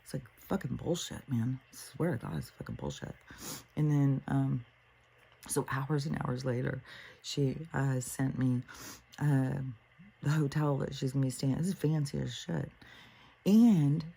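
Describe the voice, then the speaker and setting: An older woman with a low, gravelly voice that has a husky, mellow edge. She rants in a casual monologue, swearing freely and acting out what she and others said. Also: measured pace, low-quality recording. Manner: profane, ranting storyteller; animated, quotes herself and others. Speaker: host.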